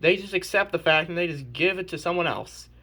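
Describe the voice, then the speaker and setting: A young woman reading her own old comics aloud, with animated, exasperated comedic commentary and laughing disbelief. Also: fairly low pitch, a little fast, breathy edge.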